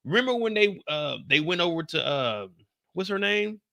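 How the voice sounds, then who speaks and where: Gravelly, bright-voiced man recapping a show. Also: high-pitched, moderate pace. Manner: animated storytelling, acts out characters' lines with slang and cursing. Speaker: streamer recapping a TV episode. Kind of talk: casual live-stream recap.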